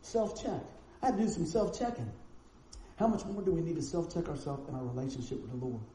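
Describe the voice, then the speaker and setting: A male preacher delivering a storytelling sermon, animated and acting out the people in his stories, in a church sanctuary. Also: a little high, fast talker. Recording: roomy echoing sound with faint noise.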